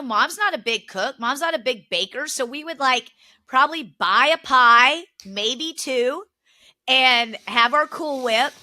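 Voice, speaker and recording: A young woman co-hosting a podcast, telling family stories in a casual, animated way, laughing often and acting out what relatives said. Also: on the high side. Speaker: podcast co-host. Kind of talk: casual chat, storytelling.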